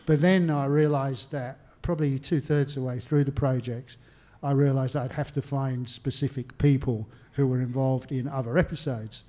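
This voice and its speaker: Mellow-voiced Australian man telling stories. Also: mid-range voice, fairly even intonation, normal speed. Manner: anecdotal, self-deprecating, acts out phone calls. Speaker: historian and author. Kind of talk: conversational interview answers. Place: stage talk at a literary venue.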